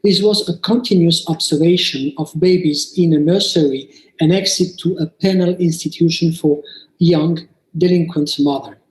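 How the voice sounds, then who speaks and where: A man reading a prepared clinical case presentation at a conference, slow and measured, lifting his voice for quoted play dialogue. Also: echoey room, poor audio. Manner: slow and measured, raises pitch for quoted child-play lines.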